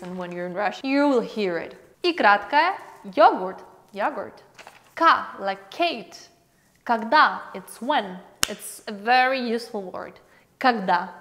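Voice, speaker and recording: A woman teaching a language alphabet lesson, saying each letter slowly and repeating example words. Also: mid-range voice, a bit bright, long reverb tail.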